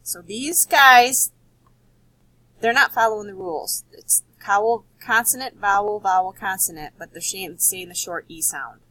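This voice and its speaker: Woman teacher, recorded kids' spelling lesson; slow, patient delivery with a husky edge. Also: medium pitch, sharp tone, no room sound, low-quality recording. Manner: patient, explains slowly and repeats words.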